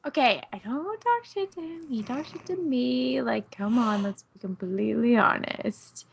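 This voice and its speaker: Young woman, Canadian accent, casual podcast chat, giggly, raised pitch. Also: measured pace, creaky, slight background noise. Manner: giggly, animated. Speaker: guest streamer.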